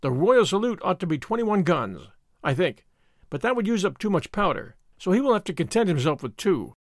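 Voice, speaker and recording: Guy reading as a brash young consul, big talk, high lively voice, dry sound. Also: brisk, no room sound. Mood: commanding. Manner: forceful, boastful declarations. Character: bold boastful young American consul, man.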